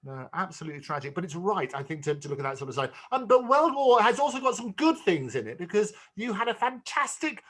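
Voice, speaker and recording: A man's voice: high-pitched, big pitch swings, fast, few pauses, a bit bright. Chatty male talk show host. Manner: chatty, jokey interviewer who prompts the guest. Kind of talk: interview conversation.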